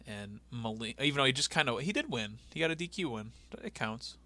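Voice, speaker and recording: A man's voice: medium pitch, expressive, brisk. A man co-hosting a podcast, chatting casually about an old wrestling show and laughing as he acts out what people said. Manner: laughing, acts out quotes in loud mock voices. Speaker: podcast co-host. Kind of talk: casual wrestling recap chat.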